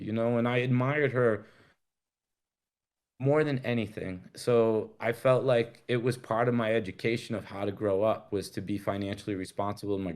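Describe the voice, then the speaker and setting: A man's voice: lowish voice, a little mellow. A middle-aged man from the United States, a guest telling rambling, candid stories in casual chat, swearing freely. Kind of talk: casual storytelling interview.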